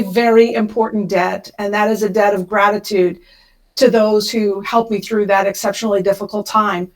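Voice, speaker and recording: Podcast guest, woman, middle-aged, slightly high pitch, emotional storyteller. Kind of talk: storytelling interview.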